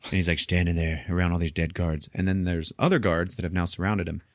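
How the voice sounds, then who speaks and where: Man, podcast host, low voice, casual film recap, laughs a lot, swears, very dry close sound. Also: fast talker, no echo. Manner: animated storytelling, frequent laughter, swearing.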